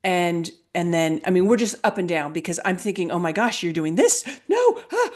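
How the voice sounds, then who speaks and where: A woman with a fairly low voice tells a story in conversation, emphatic and vivid. She acts out quoted dialogue as she goes. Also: sing-song, fairly quick. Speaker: guest, health freedom advocate.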